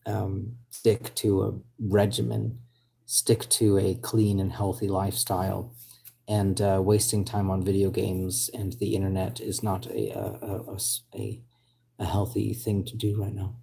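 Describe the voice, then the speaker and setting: Livestreamer, male, husky and mellow, rambling and halting, still getting his voice back. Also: on the low side, monotone. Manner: rambling, hesitant, reads out viewer comments. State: voice recovering from hoarseness. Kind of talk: casual live stream chat.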